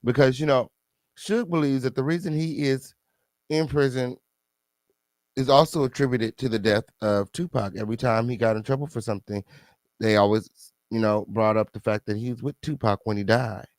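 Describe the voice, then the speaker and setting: A man's voice: medium pitch, steady tone, normal speed, darkish tone, no echo. Brash cussing gossip host guy, dry close mic. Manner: brash, profane, theatrical. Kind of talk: celebrity gossip commentary.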